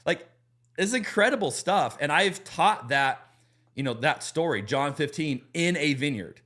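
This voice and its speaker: A man in a podcast conversation, who talks with animated enthusiasm and builds his points as he tells stories. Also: on the high side, measured pace. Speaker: pastor.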